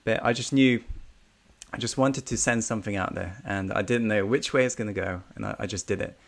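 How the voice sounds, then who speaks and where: Low-voiced man hosting, hesitant. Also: fairly quick, creaky. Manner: hesitant, many fillers. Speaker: host of the interview channel. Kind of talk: casual interview chat.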